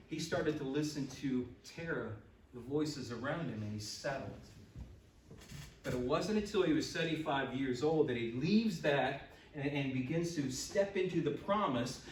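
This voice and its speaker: A man preaches a sermon in an animated, conversational way, often rising to loud exclamations. His voice sits a little high for a man. He is picked up from a distance, with plenty of church echo and a faint hiss underneath. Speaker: pastor. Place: church sanctuary. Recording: echoey church, mic from a distance.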